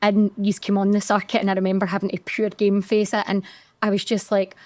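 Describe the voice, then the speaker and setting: Her delivery completely flat and brisk, a young Scottish podcast co-host casually shares an honest, emotional account from her job. She has a medium-pitched, darkish voice with no echo.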